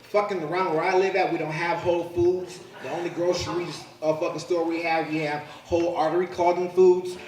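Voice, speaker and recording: Brisk and barely pausing, this slightly high male voice shows little pitch movement as a comedian in his forties performs stand-up. His delivery is profane, loud and punchy, peppered with "you know what I'm saying," while the club audience laughs, heard from a distance in roomy live sound.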